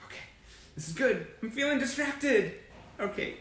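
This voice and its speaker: A man's voice: extremely high pitch, lively intonation, moderate pace, a bit bright, reverberant, a little hiss or hum, rough recording. A man hosting a fan livestream, chatting enthusiastically and rambling as he reads old press clippings and greets viewers by name. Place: indoor room with sunlight through a window. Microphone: webcam or phone livestream.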